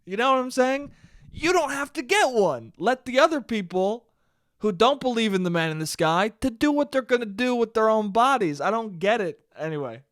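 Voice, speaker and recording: A young man hosting his own podcast, ranting alone in a casual, profane, animated way and calling listeners "dude.". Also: extremely high pitch, normal speed, no echo, clean studio sound. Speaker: podcast host. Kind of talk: solo podcast rant. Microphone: studio mic he checks the levels on.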